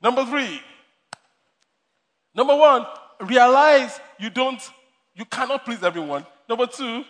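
A man's voice: extremely high pitch, animated, measured pace, pauses often, a bit bright. A man preaching a sermon, telling stories with frequent laughter and repeating his main points. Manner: storytelling with laughter, repeats key lines. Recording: long hall reverb.

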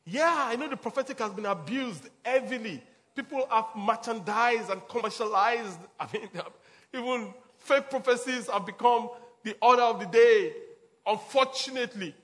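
A man's voice: very high-pitched, normal speed, a bit bright. A man preaching a sermon as a pastor, repeating his points emphatically and chuckling between them.

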